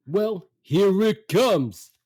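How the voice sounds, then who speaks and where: A man's voice: high-pitched, expressive, drawn-out words, dark tone, husky, voice pushed up, heavily acted. A man playing an impatient older father who barks and swears. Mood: exasperated. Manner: barking, exasperated.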